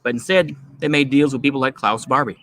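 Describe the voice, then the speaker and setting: A man's voice: mid-range voice, brisk, fairly bright tone, no room sound. Blunt, profane man ranting casually. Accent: Texan. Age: 30s. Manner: blunt, profane, dismissive rambling with many fillers. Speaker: political commentary vlogger.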